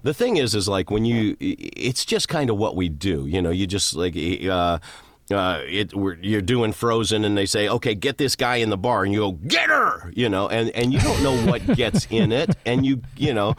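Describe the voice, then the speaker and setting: Low-voiced man telling long stories. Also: moderate pace, dry recording. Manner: rambling, animated, jumps into character voices. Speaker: voice actor. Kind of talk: storytelling interview guest.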